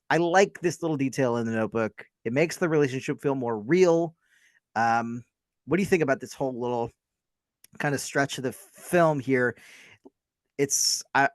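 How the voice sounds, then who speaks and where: A man's voice: mid-range voice, no echo, clean studio sound. A man co-hosting a podcast, chatting casually about a film in a rambling, hedging way. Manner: rambling, hedging, self-deprecating. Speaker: podcast co-host.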